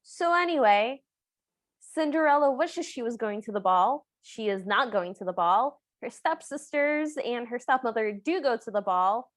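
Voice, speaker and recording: A woman's voice: a little high, moderate pace, dry recording, clean studio sound. A woman co-hosting a podcast, recapping the plot with wry, playful sarcasm. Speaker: podcast co-host. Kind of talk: casual chat.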